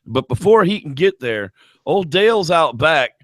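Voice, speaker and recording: A man in casual chat, recounting a film's plot with rising excitement and a slightly high voice. He speaks close to the mic in a dry, deadened space, pitching up sharply when he acts out characters. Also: normal speed, no room sound. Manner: animated retelling, squeals when quoting characters. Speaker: podcast co-host. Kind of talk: casual movie review chat.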